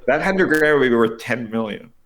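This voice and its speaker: A middle-aged man, a venture investor, telling stories casually in an interview, animated and profane, acting out the people he quotes. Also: mid-range voice, moderate pace.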